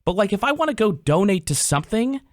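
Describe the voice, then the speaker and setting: A man's voice: sits high, dry recording, clean studio sound. A man hosting a casual business podcast, acting out customer conversations as he explains. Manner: animated, acts out customer dialogues in quick voices. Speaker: podcast host.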